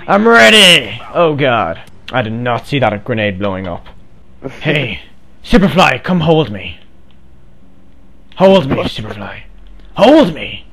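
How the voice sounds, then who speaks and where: A man's voice: medium pitch, gravelly, bright, forceful tone. A man trolling other players over game voice chat in a mock-earnest, playfully provocative way.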